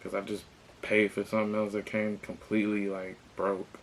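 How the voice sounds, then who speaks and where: Young male vlogger, annoyed and swearing, with a low gravelly voice. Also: monotone, normal speed, slight background noise. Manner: frustrated, ranting, repeats himself, swears. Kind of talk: casual unboxing rant.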